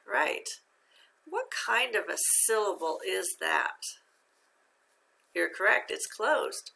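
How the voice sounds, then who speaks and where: A woman's voice: mid-range voice, vocal fry, bright, forceful tone. A middle-aged woman teaching a phonics lesson to young children, patient and encouraging, asking questions and praising the answers.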